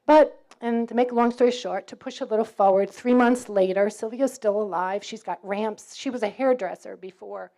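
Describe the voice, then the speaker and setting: Lively New York woman telling a story. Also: medium pitch, moderate pace, few pauses. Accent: New York, mostly faded. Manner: lively storyteller, acts out dialogue, laughs often. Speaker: campus speaker. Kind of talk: personal faith story told to students.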